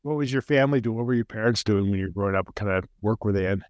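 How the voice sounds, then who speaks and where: A man's voice: fairly low pitch, very fast, no echo. Stammering friendly man hosting an interview. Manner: friendly, stammering restarts, curious questions. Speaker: podcast host and author. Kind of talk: casual interview chat. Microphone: video call.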